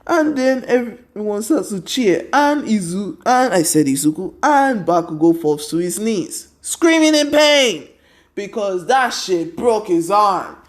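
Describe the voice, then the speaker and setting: A man's voice: high voice, animated, unhurried, few pauses. A tired young man casually narrating a fan story, rambling with constant 'and then' and 'he's like'.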